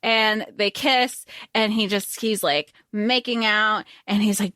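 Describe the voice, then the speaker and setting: A woman's voice: medium pitch, measured pace, hardly any pauses, no echo, studio quality. A woman co-hosting a podcast, casually retelling book scenes and quoting the characters. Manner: lively, quotes characters while retelling scenes. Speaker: podcast co-host.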